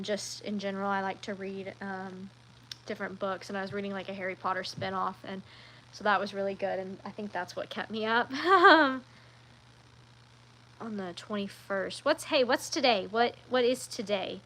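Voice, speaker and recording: A woman's voice: mid-range voice, level tone, moderate pace, fairly bright tone, low-quality recording. Female streamer, casual live chat, rambling delivery, mid-range voice, faint background noise. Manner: chatty and rambling, with frequent ums and self-corrections. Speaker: livestreamer.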